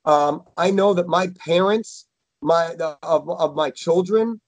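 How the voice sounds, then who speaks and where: A man talking casually as a podcast guest, halting and repeating himself, with bursts of enthusiasm. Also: fairly high pitch, a little mellow, no echo. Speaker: podcast guest, school worker. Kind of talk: casual chat.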